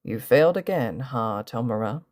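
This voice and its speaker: Woman putting on a low, quiet masked bad guy, calm and menacing, talks slow and measured. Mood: coldly calm. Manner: calm, measured, softly condescending. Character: calm menacing masked villain mentor, male.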